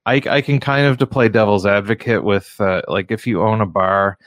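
A man hosting a casual radio talk show, speaking in a halting way with frequent restarts and fillers. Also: fairly low pitch, fairly even intonation, fairly bright tone, no room sound, studio quality. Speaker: radio show host and comedy show runner.

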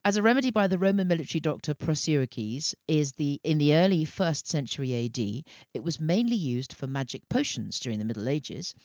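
A woman's voice: low-pitched, expressive, a little fast, few pauses, a little mellow, dry recording, dull audio. A middle-aged woman co-hosting a casual podcast chat, enthusiastically reading out facts. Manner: enthusiastic, reads facts aloud. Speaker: co-host.

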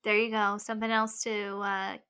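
A woman's voice: mid-range voice, flat delivery, moderate pace, bright, forceful tone, smooth. A woman co-hosting a podcast in casual chat, backing up her partner with short agreeing replies and laughs. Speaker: podcast co-host.

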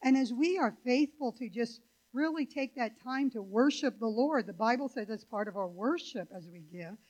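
A woman's voice: fairly high pitch, normal speed, a little mellow, rough recording. An older woman preaching a sermon in a church, chatty and digressive, with many fillers and asides. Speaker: guest preacher. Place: church sanctuary.

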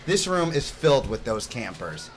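A man's voice: mid-range voice, very animated, moderate pace, faint music behind. A young man hosting a casual podcast, playfully teasing and hyping up a room full of kids at a summer camp. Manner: playful, hypes up and teases the guests. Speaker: podcast host and camp counselor. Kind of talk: casual group chat with kids.

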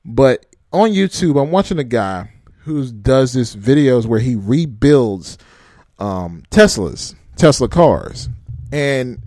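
Trucker dude ranting on his vlog, cusses, laughs a lot, pitch all over the place, dry close sound. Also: dark tone, no room sound. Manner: blunt, profane, mocking, laughs often. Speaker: trucking vlogger. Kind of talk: casual rant to camera.

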